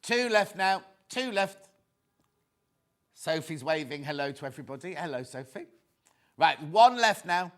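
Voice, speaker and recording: A man selling on live TV in a fairly high voice that swoops up and down as he talks. He is chatty and excitable, and he keeps throwing quick asides to viewers and crew between sales pitches. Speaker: shopping channel presenter.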